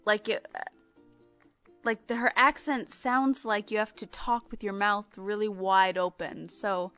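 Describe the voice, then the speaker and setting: A woman's voice: mid-range voice, level tone, unhurried, pushed and bright, no room sound, lo-fi sound, soft background music. A woman co-hosting a podcast in casual chat, bubbly and giggly. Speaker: podcast co-host.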